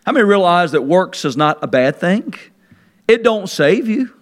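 A man preaching a sermon, shouting some points and dropping to near quiet for others. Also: sits high, sing-song, normal speed. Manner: swings between loud shouted emphasis and sudden quiet drops.

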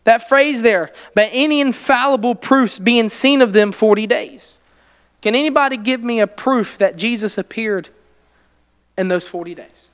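High-voiced earnest male preacher. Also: moderate pace, fairly bright tone, clear, resonant tone. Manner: earnest, builds to emphatic rising delivery. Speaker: preacher leading a Bible study. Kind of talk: conversational sermon with congregation questions.

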